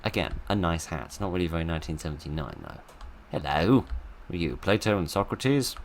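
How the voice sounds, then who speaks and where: A man with a very deep voice and a gravelly edge talks through a spooky game, tossing off dry, sarcastic asides. His pitch swings widely from line to line, and a faint hiss sits under the recording. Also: lively intonation, a little fast. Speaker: let's play host. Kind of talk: casual gameplay commentary.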